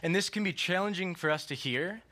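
A young man with a bright, fairly high voice preaches in an easy, chatty way. He fills his talk with "like" and "okay" and speaks as if to friends. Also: fairly quick. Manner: casual, conversational, lots of "like" and "okay". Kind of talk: sermon with a personal story.

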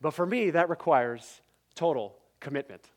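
A man voicing a deliberate farmyard pig in a joke told during a sermon, speaking slowly and thoughtfully. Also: on the high side, animated, close to an everyday voice. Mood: wry. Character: male pig on a farm, deliberate.

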